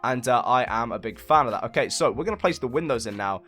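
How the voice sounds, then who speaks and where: A man's voice: mid-range voice, animated, fast talker, pushed and bright, faint music behind. Chatty man narrating a build tutorial. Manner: chatty, rambling, lots of fillers; laid-back, self-mocking. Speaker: game building channel host. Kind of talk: casual gameplay building tutorial.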